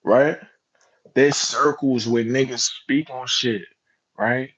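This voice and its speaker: A man's voice: medium pitch, steady tone, takes it slowly, a bit bright. Emphatic slangy man, lo-fi audio. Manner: emphatic, slangy, rhetorical questions. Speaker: commentary vlogger. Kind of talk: reaction commentary.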